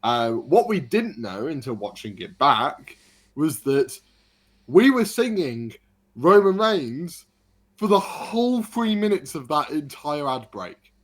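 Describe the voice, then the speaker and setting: A man, a podcast co-host telling an excited story in casual chat. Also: mid-range voice, a little slow. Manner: excited storytelling, animated retelling.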